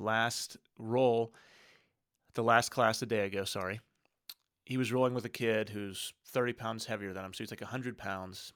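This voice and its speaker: A man's voice: on the low side, a bit bright. A man in his thirties hosting a solo podcast, talking in an earnest, conversational way about family life. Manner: earnest, conversational, with quoted inner thoughts. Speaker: podcast host. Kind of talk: casual solo podcast talk.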